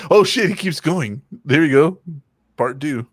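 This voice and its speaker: A man co-hosting a casual podcast, joking around in an animated, profane way. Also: a little high, breathy edge, no echo. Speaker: podcast co-host. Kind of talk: casual chat.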